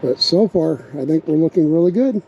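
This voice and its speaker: A man in a relaxed, casual vlog, thinking aloud as he talks through a project outdoors, with a slight bark in his voice. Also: a little high, fairly quick. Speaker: RV vlogger building a truck tank. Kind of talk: casual workshop vlog narration. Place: outdoors at a windy campsite. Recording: dull lo-fi outdoor recording with wind noise.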